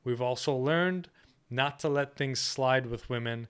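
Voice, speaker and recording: A man leads a workshop lesson with a smooth, clear voice at a middling pitch. He speaks firmly and assertively and keeps checking in with "okay?" and "right?" as he goes. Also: unhurried, a bit bright. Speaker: dating coach.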